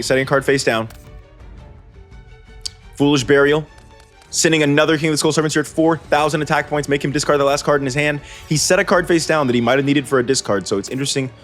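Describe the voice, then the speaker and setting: Guy calling card game duels, rambles, cuts himself off, wry little jokes, faint music under him. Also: mid-range voice. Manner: rambling, self-correcting, wry asides. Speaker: host and commentator. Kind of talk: gameplay commentary.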